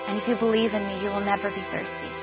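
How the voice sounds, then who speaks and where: A woman's voice: mid-range voice, little pitch movement, fast. A woman reading scripture aloud in a solemn way at a church service. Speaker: scripture reader. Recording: muffled recording over music.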